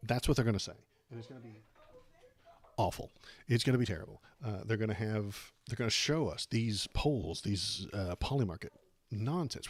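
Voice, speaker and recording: A man's voice: on the low side, lively intonation, normal speed, breathy edge, no echo. A man hosting a political livestream, giving sarcastic, exasperated commentary.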